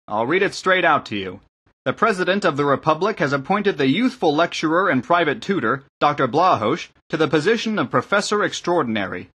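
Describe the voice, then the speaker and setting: A man's voice: on the high side, sing-song, a little fast, sharp tone, breathy edge, voice pushed up, exaggerated voice. A man reading the part of an older locksmith in an audiobook, easygoing and matter-of-fact. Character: plain-spoken older male locksmith.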